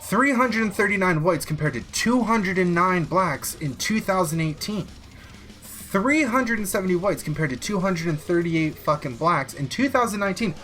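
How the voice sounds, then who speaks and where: A man's voice: sits high, animated, moderate pace, bright, forceful tone, soft background music. Profane ranting young man. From United States. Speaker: streamer. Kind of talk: political commentary stream.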